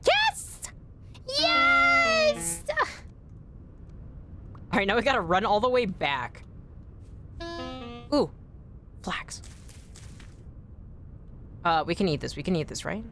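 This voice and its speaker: A woman's voice: lively intonation, slight background noise. A woman streaming a video game, chatting to viewers and swearing when she misses. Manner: swears often, quick to frustration; pitch jumps high when annoyed. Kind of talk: live gameplay commentary.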